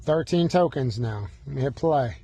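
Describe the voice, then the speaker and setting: A man's voice: medium pitch, lively intonation, normal speed, vocal fry, warm tone, husky. A man demonstrating car key programming from inside a vehicle, talking through each step with bursts of mock panic. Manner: exaggerated mock panic, fretful exclamations.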